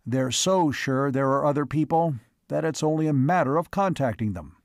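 A man reading the part of a concise, methodical male scientist giving a formal report, in a measured way. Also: fairly high pitch, expressive, no echo, studio quality. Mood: worried.

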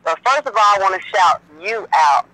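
A Southern woman, a mother and music artist, talking excitedly on a phone call and repeating "you know what I mean" as she goes. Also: mid-range voice, fairly quick. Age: adult mother. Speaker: guest artist. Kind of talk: phone interview.

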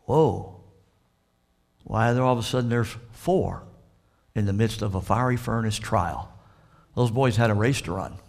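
A male pastor with a Southern American accent preaching a sermon, acting out dialogue between the characters in a lively storytelling manner. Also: on the low side, moderate pace, vocal fry, long pauses. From Florida.

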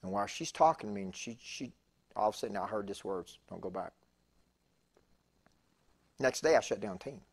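A man's voice: on the low side, animated, fast. A man in his fifties giving a conversational sermon as a guest preacher in a church, chatty and digressive, with stammered restarts. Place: church sanctuary.

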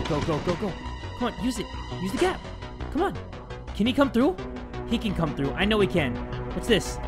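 A man giving excitable, jokey let's play commentary, with sudden yelps and casual swearing. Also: sits high. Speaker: gaming YouTuber. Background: game music.

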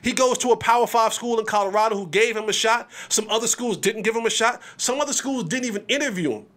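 A man's voice: high voice, quick pace, fairly bright tone. A man. He talks emphatically and with energy, stumbles over repeated words as he pushes a point, and quotes other people in his own voice. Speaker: podcast host. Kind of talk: animated sports commentary.

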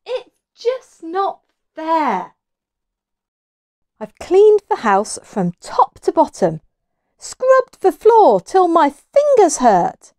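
A woman's voice: very high voice, wildly swooping pitch, drawn-out words, a little mellow, voice pushed up, heavily acted. A woman reading a storybook aloud and voicing a tired, cross grown woman who moans that she does all the housework. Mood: moaning, fed up. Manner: whiny, moaning, emphatic.

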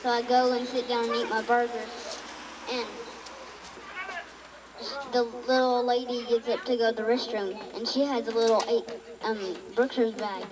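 A woman with a Texan accent telling jokes deadpan at a family gathering, recorded on a home video from far off in a crowded room. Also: a little high, moderate pace, big-room sound, noisy background. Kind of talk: casual joke telling at a family party.

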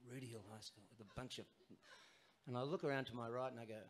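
A man's voice: mid-range voice, steady tone, fast talker. A man in his sixties with an Australian accent, a singer telling a chatty, self-mocking story between songs at a live gig. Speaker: singer and bandleader. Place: small live music venue in a barn. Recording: live stage recording with band. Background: guitar and band music.

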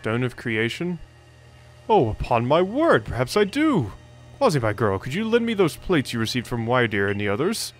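A man voicing an eccentric, excitable older male professor from a video game, reading his lines in a raised, fussy voice. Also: mid-range voice, moderate pace, soft background music. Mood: excited.

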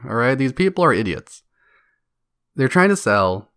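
A man's voice: medium pitch, sing-song, a little slow, long pauses, a bit bright, no room sound, studio quality. A man hosting a solo podcast, ranting in a profane, mocking way and laughing between jabs. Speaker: podcast host.

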